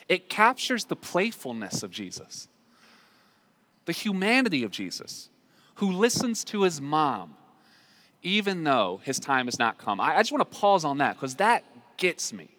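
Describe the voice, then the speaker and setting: A man preaching a sermon as pastor, talking in a conversational way with frequent restarts. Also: on the high side. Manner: conversational, warm asides with repeated restarts. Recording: long hall reverb.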